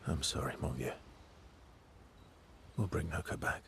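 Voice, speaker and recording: Game hero, very deep, gravelly, slow and weary. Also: male voice, a bit bright, a little hiss or hum, full character voice. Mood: subdued. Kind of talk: video game voice acting.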